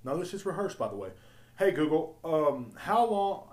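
A man's voice: on the high side, sing-song, moderate pace, a little mellow. A man ranting profanely and rambling as a podcast host. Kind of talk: casual solo rant. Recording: roomy echo.

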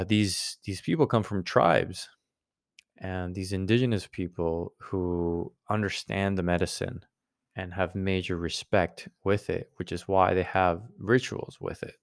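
A man's voice: deep voice, gravelly, no echo, clean studio sound. A man hosting his podcast, telling a personal story in a rambling, searching way with many restarts. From United States. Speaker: podcast host. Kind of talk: casual personal monologue.

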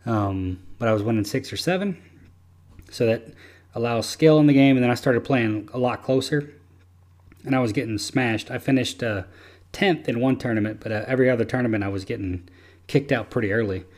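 A man's voice: medium pitch, brisk, darkish tone. A man hosting a casual podcast chat, rambling and easygoing with lots of fillers. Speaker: podcast host.

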